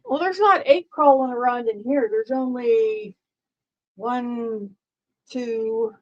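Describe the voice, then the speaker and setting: A woman's voice: fairly high pitch, slow, dull audio. A woman live streamer chatting casually with her viewers, rambling, joking and repeating herself as she talks to the chat.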